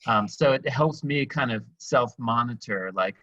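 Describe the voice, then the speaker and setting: A man's voice: mid-range voice, measured pace, hardly any pauses, a bit bright, no echo, lo-fi sound. A man facilitating an online workshop, talking in a reflective, loosely phrased way with many fillers over a video call. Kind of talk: casual online workshop talk.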